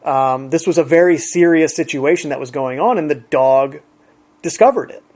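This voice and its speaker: Man, fairly high voice, casual storytelling, chatty, relaxed. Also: moderate pace. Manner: relaxed, chatty retelling with quoted dialogue. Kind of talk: casual anecdote.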